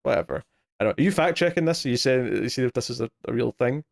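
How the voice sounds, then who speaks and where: A man's voice: medium pitch, lively intonation, fast talker, vocal fry. A man co-hosting a podcast, recapping a comic issue in loose casual chat with many fillers and restarts. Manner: rambling, hesitant, lots of fillers and restarts. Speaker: podcast co-host. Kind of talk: casual comic book discussion.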